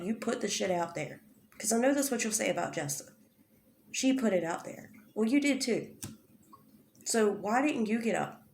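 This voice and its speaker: A woman's voice: medium pitch, gravelly, a little hiss or hum. A woman giving an angry commentary rant, firing off confrontational rhetorical questions and swearing often. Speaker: drama commentary youtuber. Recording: echoey room.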